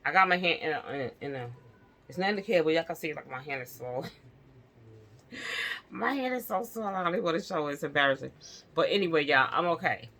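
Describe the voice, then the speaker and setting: A woman vlogger in telling a personal story to her viewers, animated and laughing as she talks. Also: low-pitched, fast, pauses often. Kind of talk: casual storytime chat to viewers. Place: indoors at home.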